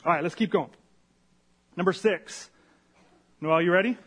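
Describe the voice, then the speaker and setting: A pastor giving a casual, conversational sermon, retelling scripture with animated asides and questions to the congregation. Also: male voice, high voice, measured pace.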